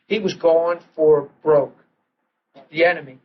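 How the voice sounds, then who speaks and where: A middle-aged male preacher telling a personal story in a sermon, acting out what people said and dropping to a hush at tense moments. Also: a little high, fairly even intonation, measured pace. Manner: storytelling, acts out quotes with sudden hushed drops. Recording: dull lo-fi old recording with faint hiss.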